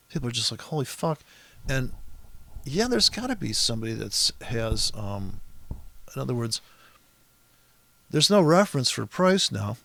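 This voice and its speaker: A man's voice: medium pitch, creaky, a bit bright, no echo. A man walking through a trading chart in a profane, exasperated, rambling rant. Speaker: trading educator. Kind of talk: profane ranting chart walkthrough.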